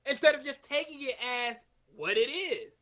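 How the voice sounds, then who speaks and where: A young man co-hosting a casual podcast chat, excitable and prone to sudden loud outbursts. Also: very high-pitched, moderate pace. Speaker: podcast co-host.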